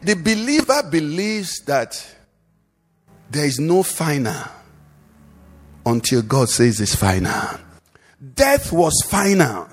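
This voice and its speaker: Pastor preaching slow, voice swings up and down a lot, big echoey church hall. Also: male voice, on the high side, big pitch swings. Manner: preaching with call-and-response questions to the congregation. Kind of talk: sermon. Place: church service. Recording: long hall reverb.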